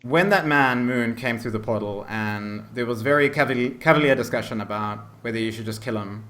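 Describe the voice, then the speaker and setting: Bright-voiced male game master. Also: medium pitch. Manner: animated, switches into character voices. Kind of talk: narrating a tabletop role-playing game.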